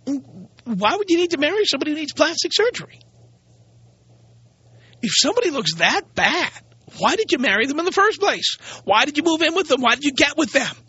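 Male radio host, sarcastic ranter, high and bright, dry close sound. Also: sing-song, brisk, no room sound, dull audio. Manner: blunt, ranting, sarcastic. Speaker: radio talk show host. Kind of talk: opinionated radio monologue.

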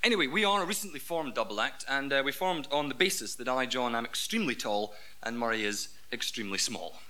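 A Scottish man doing lively showbiz patter in a radio comedy double act. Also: mid-range voice, quick pace. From Scotland.

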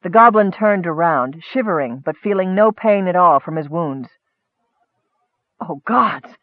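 A man narrating a fantasy story in a steady, measured audiobook reading. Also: sits high, no echo, narrow, tinny audio.

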